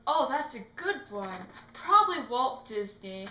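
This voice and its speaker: A teenage girl answering interview questions in a casual, animated way, acting out little scenes as she talks. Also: sits high, unhurried. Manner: animated, acts out quotes in put-on voices. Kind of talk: casual chat. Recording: echoey room.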